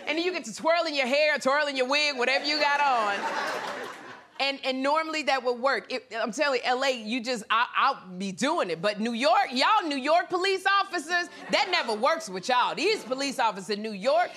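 A woman talk show host doing a comedic monologue on the news, animated and laughing, slipping into squeaky high impressions. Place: television studio with live audience. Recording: studio audience cheering and noise behind.

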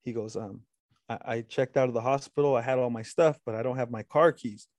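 This man's voice is darkish and his intonation fairly even as he talks fairly quickly through a long, meandering casual story. He swears a lot, often restarts, and quotes the other man at length in a low voice. No echo is present.

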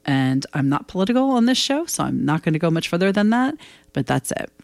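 A woman in her fifties with a lowish voice, hosting a solo talk show and speaking bluntly and candidly. She swears casually and lets her feelings show. The sound is dry and close, with no room around her. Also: sing-song, brisk, vocal fry, a little mellow, no room sound. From United States. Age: 50s. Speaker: podcast host.

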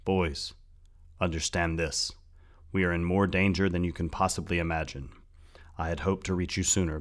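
A man voicing a tall hooded male wizard in an audiobook, giving grave, measured commands. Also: deep voice, close to an everyday voice. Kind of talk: audiobook character reading.

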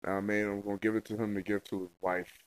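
A young man hosting his own casual solo podcast, rambling in heavy slang and profanity with lots of fillers, and getting loud and high when a story heats up. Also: level tone, racing, no echo, poor audio. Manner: gets loud and high-pitched when telling a heated story. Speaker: podcast host.

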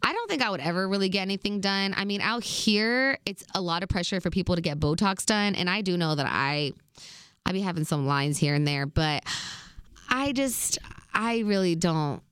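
A woman's voice: fairly low pitch, expressive, moderate pace, fairly bright tone, smooth, dry recording, studio quality. A young woman in a casual storytime vlog, retelling events in a chatty, slangy way full of asides. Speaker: vlogger.

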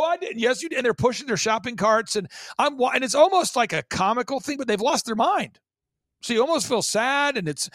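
A man talks as a show guest, emphatic and insistent, piling up rhetorical questions and tripping over repeated words. His voice sits high and swings widely in pitch. The sound is dry and close, with no room around it. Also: a bit bright, dry recording. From Oklahoma. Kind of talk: conspiracy talk-show commentary.

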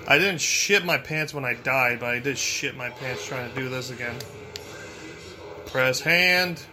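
Excitable, swearing gameplay streamer man. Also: medium pitch, measured pace, soft background music. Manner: excitable, swearing, yells when panicking. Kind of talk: let's play commentary.

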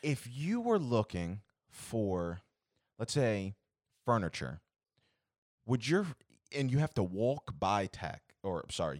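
A man's voice: low voice, no room sound, studio quality. A young man co-hosting a podcast, ranting in an exasperated, profane way in casual chat. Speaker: podcast co-host.

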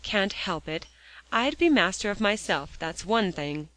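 A woman's voice: medium pitch, moderate pace, clean tone, dry recording. Woman reading a stern, reproving mother. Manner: calm, reproving.

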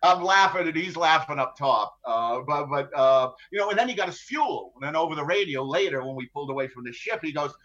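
Animated and a little fast, with hardly any pauses, the middle-aged captain's high-leaning, somewhat bright voice relays his hostage ordeal in a dry, matter-of-fact way full of fillers and restarts. The storytelling interview has a dull lo-fi sound.

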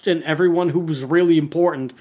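A man's voice: fairly high pitch, fairly even intonation, brisk, warm tone. A man in casual podcast chat, rambling through a cartoon episode with lots of fillers and restarts.

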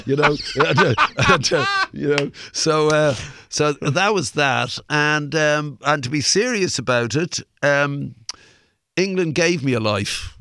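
A man's voice: fairly high pitch, slow pace, pushed and bright, clear, resonant tone, no echo, clean studio sound. An older Irish man, a musician guest, telling a long anecdote in a rambling way, full of fillers and the odd swear word. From Ireland. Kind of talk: anecdotal interview storytelling.

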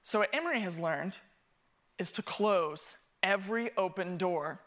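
A man preaching as a family pastor. He tells lively stories, pokes fun at himself and acts out the scenes he describes. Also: high voice, measured pace. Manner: animated, self-mocking, acts out scenes. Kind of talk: sermon with personal storytelling.

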